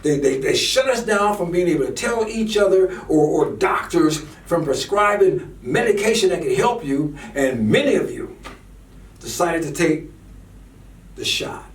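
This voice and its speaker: A male commentator delivers an impassioned political rant in a preachy style, repeating words as he gets worked up. His voice is on the high side and animated at a moderate pace, recorded from a distance and off-mic in an echoey room.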